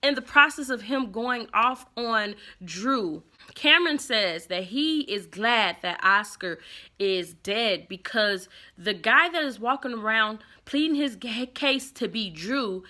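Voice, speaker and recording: Woman, soap recap host, opinionated and animated, bright forward tone. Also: fairly high pitch, a little slow. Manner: chatty, opinionated, acts out characters' lines. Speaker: soap opera reviewer. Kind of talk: casual episode recap and commentary.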